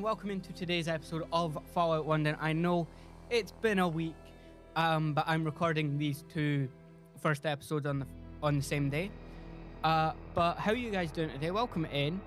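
A man's voice: a little high, steady tone, moderate pace, faint music behind. A man hosting a let's play, commenting casually and joking with his viewers. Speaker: gaming channel host.

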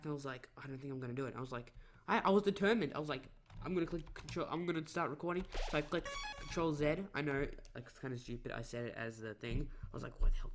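Brief: man gamer, casual rambling let's play talk, mid pitch, desk mic. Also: vocal fry, fairly bright tone. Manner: rambling, lots of self-corrections and fillers.

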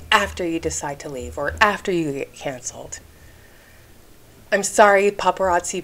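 Indignant woman ranting to camera. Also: lowish voice. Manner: indignant, emphatic, repeats "okay?". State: getting emotional at times. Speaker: YouTube commentary creator. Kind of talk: talking-to-camera rant.

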